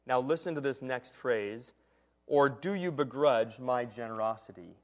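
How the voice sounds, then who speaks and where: A man preaching a sermon in an earnest teaching tone, slowing and dropping quiet to stress key lines. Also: mid-range voice.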